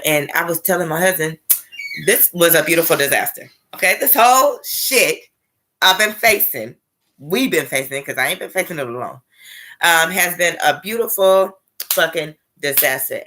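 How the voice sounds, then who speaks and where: A spiritual vlogger in her thirties tells a personal story directly to camera in a deep, slightly bright voice, with a little hiss or hum in the recording. She's emphatic and salty, swearing casually and checking in with "right?" and "okay?" after nearly every phrase.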